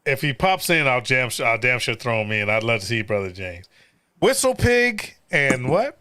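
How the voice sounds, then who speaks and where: A man hosting a casual live podcast chat, rambling and profane and quick to laugh. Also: mid-range voice, sing-song, bright, forceful tone, a little hiss or hum. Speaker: podcast host.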